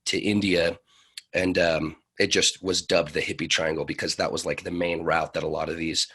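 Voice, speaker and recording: A man's voice: low-pitched, level tone, moderate pace, gravelly, a bit bright, slightly rough. A man guest on a podcast, telling travel stories in a laid-back, casual conversational way. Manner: laid-back storytelling with loose phrasing.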